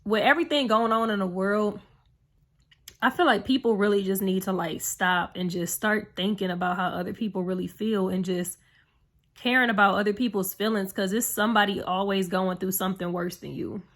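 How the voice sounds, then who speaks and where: A woman's voice: medium pitch, fairly even intonation, fairly quick, fairly bright tone. Young woman vlogging, rambly heartfelt storytime, lots of likes and you knows. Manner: earnest, rambling, heavy with fillers; emotional, heartfelt retelling. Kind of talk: casual storytelling to camera.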